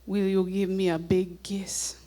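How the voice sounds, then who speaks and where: A tender, shy young man speaks in short, halting requests in broken English, as a woman reads his lines on stage. He is low-key, asking gently and simply. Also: flat delivery, close to an everyday voice. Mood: coaxing.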